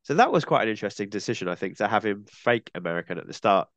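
Low-voiced man with a cold. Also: animated, very fast, no room sound. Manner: chatty, hedging with tag questions. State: has a cold. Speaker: podcast host. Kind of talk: casual film discussion podcast.

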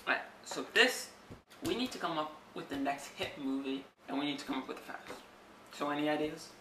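A man's voice: on the high side, animated, brisk, bright, forceful tone. A man playing a self-absorbed, impatient movie studio boss who whines dramatically. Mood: bossy. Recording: echoey room, distant from mic, faint background noise.

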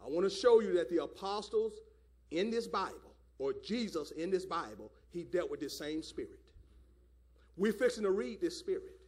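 High-voiced preacher man hollering. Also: sing-song, normal speed, a little mellow. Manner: hollering, repeats "my God, man". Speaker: elder preaching. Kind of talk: fiery Pentecostal sermon. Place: church service.

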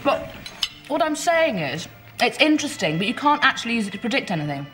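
An actress playing a candid, sociable woman hosting a party, brisk and teasing in a studio sitcom. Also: a little high, very animated, noisy background. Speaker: hostess. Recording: studio sitcom with loud audience laughter.

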